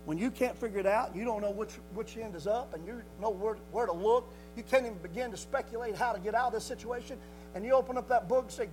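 A man's voice: high-pitched, brisk, soft background music, poor audio. A man preaching a sermon. He reads scripture aloud and builds fervor through repeated phrases. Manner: reads scripture aloud in old-fashioned wording.

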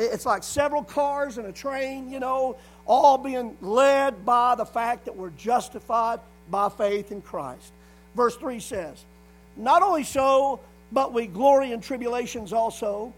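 A man preaching a sermon, reading scripture slowly and with emphasis. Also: very high-pitched, poor audio.

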